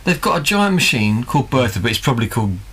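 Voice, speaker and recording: Lively, sweary man riffing in chat. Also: mid-range voice, fast talker, slightly rough. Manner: rambling, sweary, riffing on tangents. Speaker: podcast co-host. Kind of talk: casual comedic chat.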